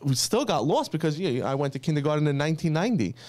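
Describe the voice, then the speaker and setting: A man's voice: on the high side, fast talker. A man, a pizza chef telling family stories as a guest in a casual podcast chat. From United States. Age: 30s. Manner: storytelling, animated when quoting family.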